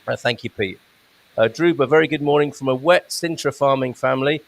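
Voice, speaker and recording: A man's voice: medium pitch, fairly quick, creaky. A man hosting a casual live-stream show from Portugal over a video call, chatting and reading out viewers' comments. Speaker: host. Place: home in Portugal.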